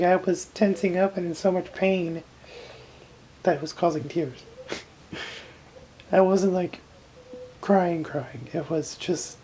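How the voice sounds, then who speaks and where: A tired man half-whispering a late-night vlog, recounting a painful hospital night in a drowsy way with sudden lively bursts. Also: high voice, a little hiss or hum, poor audio. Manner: hushed, drowsy storytelling that swings from whispers to animated outbursts. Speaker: vlogger.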